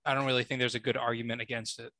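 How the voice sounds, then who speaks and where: Brief: male sports-talk co-host, crisp bright voice, emphatic, dry close recording. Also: medium pitch, level tone, very fast, no room sound. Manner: emphatic, stat-heavy arguing. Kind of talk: casual sports chat.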